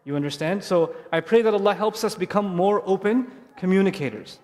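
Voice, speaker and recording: A middle-aged man giving a lively stage talk to parents, telling stories and repeating key phrases. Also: high-pitched, a little fast, hardly any pauses. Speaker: speaker at a family event. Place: hall on stage. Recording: long hall reverb.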